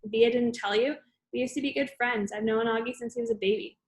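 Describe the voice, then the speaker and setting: A woman reading aloud, voicing a friendly teenage girl who talks casually with fillers, in a plain voice close to her own and a little high. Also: steady tone, brisk, roomy sound, lightly acted.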